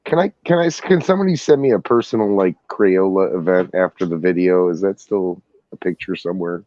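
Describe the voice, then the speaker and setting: A man with a lowish voice chimes in on a livestream, laughing between his remarks. His mic sounds dull and dry, as if he sits back from it. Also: brisk, mellow, no echo. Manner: laughing, chiming in. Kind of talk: casual livestream chat.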